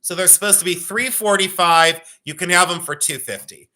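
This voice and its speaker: Man in his fifties, sale host, chatty and rambling, auctioneer chant, bright tone. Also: high voice, brisk. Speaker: live jewelry sale host. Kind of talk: live-stream sales chat.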